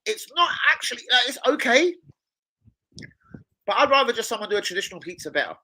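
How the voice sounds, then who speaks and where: A man's voice: very high voice, quick pace, poor audio. A man hosting a football watch-along, rambling and swearing freely in casual chat. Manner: rambling, excitable, swears a lot. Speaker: chef.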